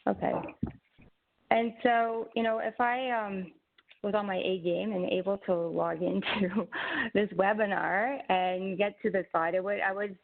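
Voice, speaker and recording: A woman's voice: mid-range voice, fairly even intonation, a little slow, vocal fry. A woman presenting a teaching webinar as a social worker, talking conversationally with frequent restarts over a video call. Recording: tinny phone-like webinar audio.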